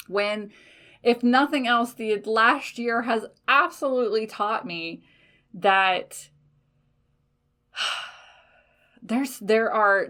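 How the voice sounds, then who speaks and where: A woman in her forties hosts her own podcast in a loose, candid monologue. She swears freely and laughs often as she talks. Her pitch sits in a middle range for a woman. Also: fairly bright tone. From United States. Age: 40s. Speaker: podcast host. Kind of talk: casual solo podcast monologue.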